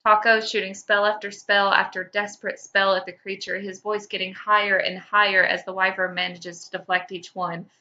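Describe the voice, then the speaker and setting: Bright-voiced woman reading a story aloud. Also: medium pitch, normal speed, hardly any pauses, lo-fi sound. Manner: lively, breaks into laughter. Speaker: podcast host. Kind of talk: reading fan fiction aloud.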